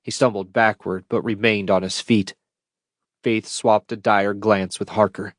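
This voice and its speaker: A man with a lowish voice narrates an audiobook at a steady, measured pace. The recording is dry and close, with no room sound. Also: no room sound. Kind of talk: scripted narration.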